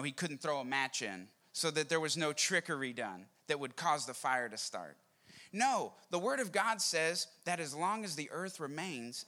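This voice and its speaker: A man preaching a sermon, telling a Bible story with animated, acted-out quotes. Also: fairly high pitch. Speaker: pastor.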